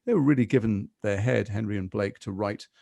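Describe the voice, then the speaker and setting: Fast-talking gravelly English man. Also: fairly low pitch, dry recording, clean studio sound. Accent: English, Liverpool and London mix. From England. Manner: fast, animated storytelling with asides. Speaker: guest actor. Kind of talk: podcast interview.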